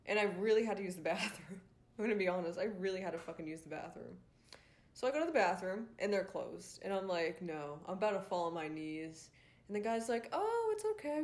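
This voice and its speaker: A young woman chatting straight to her viewers in a casual storytime vlog. Her voice sits a little low for a woman. She rambles along with plenty of likes and ums and swears freely. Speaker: vlogger.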